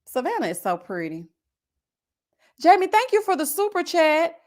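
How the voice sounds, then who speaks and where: A woman from Houston, hosting a livestream and telling stories in animated, slangy casual chat while reading super chats. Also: very high-pitched, normal speed. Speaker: livestream host.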